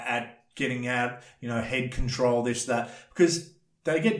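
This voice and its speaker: An Australian man tells stories in a loose, rambling way, blunt and heavy on slang. His voice sits in an ordinary middle pitch. The room around him gives the sound a clear echo. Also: moderate pace. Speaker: podcast guest, former bouncer. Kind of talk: casual storytelling chat. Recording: roomy echo.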